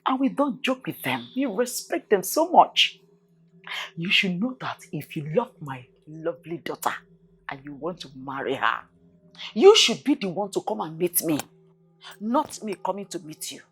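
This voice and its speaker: A woman with a Nigerian accent playing a stern, preachy mother who scolds and shouts at her daughter in a film drama. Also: lowish voice, expressive, moderate pace, breathy edge.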